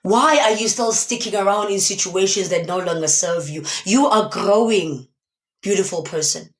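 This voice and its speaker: A South African woman gives a motivational talk on a live stream, speaking with emphasis and posing many rhetorical questions. Her voice is medium in pitch and moderately paced, and the room sounds echoey.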